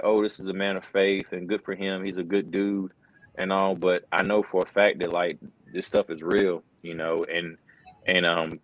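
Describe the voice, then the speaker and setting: A middle-aged man speaks in a very low, deep voice, recounting a personal story with earnest conviction. His talk is loose and conversational, scattered with "bro" and "man." The sound is dry and close, like a podcast microphone. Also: fairly bright tone, no room sound, rough recording. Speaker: wrestling commentator. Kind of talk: casual interview conversation.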